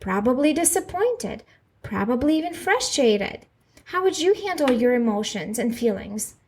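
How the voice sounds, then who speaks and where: A woman's voice: a little high, big pitch swings, moderate pace, husky. A woman in her thirties hosting a solo parenting podcast, talking earnestly and reassuringly and asking listeners questions. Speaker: podcast host, mother.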